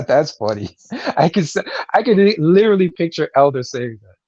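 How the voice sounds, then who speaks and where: A man in casual sports talk, animated and agreeable, often backing up the other speaker. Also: a little high, normal speed, no echo, muffled recording.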